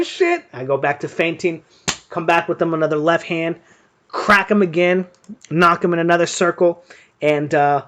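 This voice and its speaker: Young guy, kinda high voice, rambling and swearing a lot, casual boxing stream chat. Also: fairly bright tone. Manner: rambling, profane, lots of fillers. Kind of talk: casual storytelling during live fight commentary.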